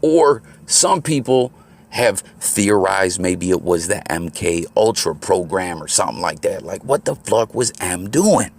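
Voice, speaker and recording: A man's voice: low voice, big pitch swings, unhurried. A man hosting his own channel, giving laid-back, slangy commentary while out moving around. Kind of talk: casual commentary. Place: outdoors on the move.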